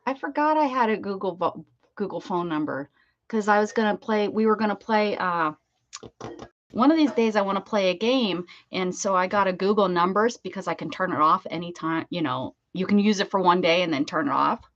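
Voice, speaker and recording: A woman's voice: medium pitch, fairly quick. A woman, casually chatting and rambling as she crafts, often correcting herself mid-sentence. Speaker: crafting channel host. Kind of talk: casual chat while crafting. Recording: dull lo-fi audio, faint noise.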